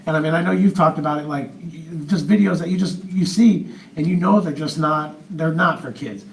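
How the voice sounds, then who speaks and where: A man's voice: on the high side, a little fast, vocal fry, recorded from a distance. A father making a comment to the speaker, rambling and hesitant with many restarts. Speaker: parent and event partner. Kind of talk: comment from the audience. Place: large room with an audience. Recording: echoey room, off-mic, faint noise.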